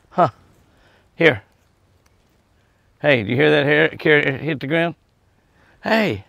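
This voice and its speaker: A folksy man with a gravelly edge to his voice, coaxing deer to come eat out of his hand. His words sound dry and close, with no room around them. He chats easily to the animals and to his viewers. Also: mid-range voice, unhurried, pauses often, a bit bright, dry recording. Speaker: deer ranch vlogger. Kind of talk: casual talk to animals and viewers. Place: outdoors at a deer pen.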